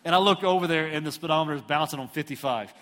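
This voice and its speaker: A man's voice: a little high, very fast, slight background noise. A middle-aged man from Houston, Texas, telling funny, self-mocking stories as a preacher and acting out the voices. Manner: animated, self-mocking storyteller who acts out voices. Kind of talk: storytelling sermon. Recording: reverberant hall.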